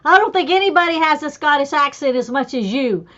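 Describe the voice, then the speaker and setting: A woman's voice: sits high, lively intonation, fairly quick, a bit bright, muffled recording. A woman with a Southern Tennessee accent hosting a live stream, blunt and teasing in casual chat. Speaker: host.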